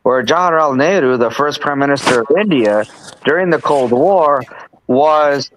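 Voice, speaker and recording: A man's voice: on the high side, expressive, moderate pace, background noise. A man hosting a casual political chat on a live stream, rambling with lots of restarts and asides. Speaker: host.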